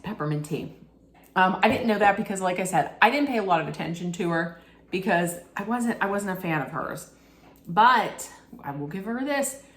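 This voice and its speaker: A woman's voice: medium pitch, lively intonation, normal speed. A woman vlogger giving casual, frank commentary on a documentary, telling it like gossip and talking straight to the viewer. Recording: echoey room.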